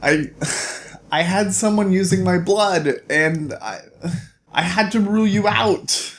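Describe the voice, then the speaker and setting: Guy doing a sorry young dude begging forgiveness, kinda high voice, stumbly and earnest. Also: fairly bright tone, heavily acted. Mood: apologetic. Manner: earnest, pleading, halting. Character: remorseful young man pleading apology.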